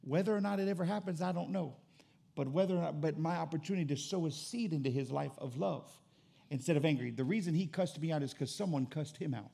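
A man's voice: fairly high pitch, fast talker, vocal fry, mellow, slightly rough. A middle-aged man preaching a sermon as pastor, telling stories and calling on the church for an amen. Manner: storytelling with call-and-response.

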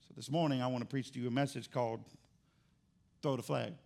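A man's voice: medium pitch, fairly even intonation, fast, creaky, darkish tone. A man pastor preaching a sermon, emphatic and jokey, with rising exclamations.

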